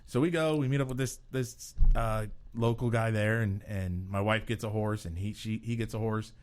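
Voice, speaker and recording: A man's voice: lowish voice, fairly even intonation, moderate pace. A man co-hosting a podcast who tells a long funny story in a casual, self-mocking way. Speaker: podcast co-host.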